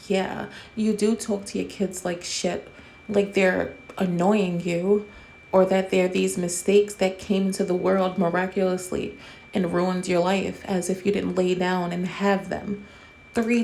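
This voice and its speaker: Woman host, warm low-key tone, blunt and profane, casual commentary. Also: a little hiss or hum.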